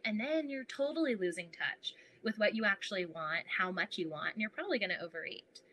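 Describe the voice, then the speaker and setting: Bright-voiced young woman, animated chat. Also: medium pitch, a little fast, rough recording. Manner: animated, acts out inner voices, laughs often. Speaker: podcast guest. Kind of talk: casual interview chat.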